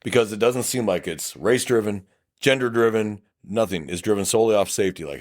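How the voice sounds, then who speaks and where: A middle-aged man from South Texas with a Texan accent, a police officer co-hosting a casual podcast chat, blunt and animated, acting out quoted dialogue. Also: on the low side, brisk, dry recording, studio quality. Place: podcast studio.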